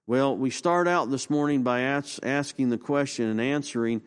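A male pastor preaching a sermon, asking the congregation questions and rising to emphatic peaks before dropping low. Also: normal speed, few pauses, clear, resonant tone. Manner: call-and-response questions, emphatic rises and low drops.

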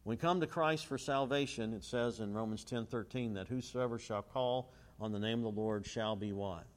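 A male preacher delivering a sermon in an emphatic way, pausing to let listeners fill in the end of his questions. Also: medium pitch. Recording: long hall reverb.

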